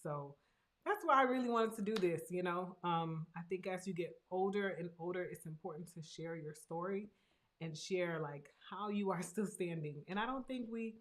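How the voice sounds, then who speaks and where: A woman's voice: lowish voice, moderate pace. A woman, a therapist and host, talking earnestly and encouragingly about her own hard experience. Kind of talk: heartfelt personal talk.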